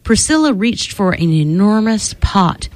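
Woman radio host, storybook read-aloud, slow and lively, dry studio mic. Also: medium pitch, dry recording.

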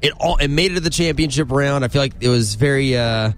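A man's voice: medium pitch, fast. A young man co-hosting a casual podcast, chatty and rambling, often correcting himself. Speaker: podcast co-host. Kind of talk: casual chat.

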